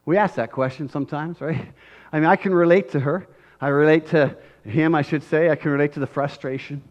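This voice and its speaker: A male pastor giving a conversational, animated sermon, often checking in with tag questions and acting out scenes. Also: a little high, fairly quick, highs cut off.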